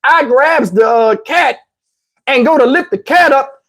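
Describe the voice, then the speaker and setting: A man casually telling a story to his channel, in a slangy, profane, lively way. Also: extremely high pitch, a little slow. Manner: profane, slangy, lively retelling with acted-out quotes.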